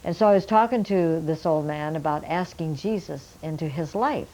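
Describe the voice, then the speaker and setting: A woman's voice: low voice, moderate pace, darkish tone, rough recording. An older woman, a missionary Bible translator, earnestly telling a story from her work and addressing her listeners as friends. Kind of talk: storytelling testimony.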